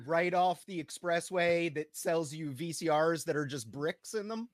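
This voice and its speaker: A man co-hosting a casual group livestream, joking and animated. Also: on the high side, a little slow, dry recording, clean studio sound. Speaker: livestream co-host.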